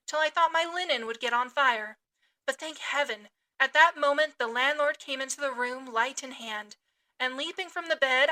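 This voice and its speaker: High, bright woman reading a classic aloud. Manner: expressive dramatic reading. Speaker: podcast host.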